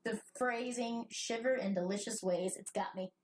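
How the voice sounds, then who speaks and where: A woman's voice: medium pitch, moderate pace, slight background noise, rough recording. Cheerful self-deprecating woman co-host. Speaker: podcast co-host. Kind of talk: casual chat, reading book blurbs aloud.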